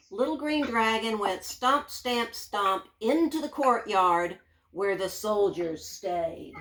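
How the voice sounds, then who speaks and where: Slow-reading woman teacher. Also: mid-range voice, background noise. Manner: gentle, drawn-out storytelling with sound words. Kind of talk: children's story read-aloud.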